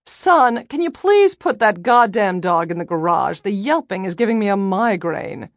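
A woman's voice: medium pitch, lively intonation, slow, no room sound, clean studio sound. A woman reading an audiobook, voicing a crude, scornful older society woman who orders people around. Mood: shrill.

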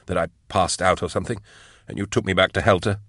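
A man's voice: fairly even intonation, quick pace, a bit bright, dry recording, clean studio sound. A man voicing a panicked, nauseous young male soldier, gasping and frantic. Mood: shaken. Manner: frantic, gasping, higher-pitched.

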